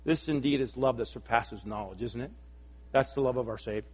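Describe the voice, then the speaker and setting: Earnest preacher in a reverberant hall. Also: male voice, mid-range voice, brisk, breathy edge. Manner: earnest preaching, rising emphatic and dropping to soft appeals. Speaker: pastor. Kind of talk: sermon. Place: church sanctuary. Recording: long reverb of a large hall.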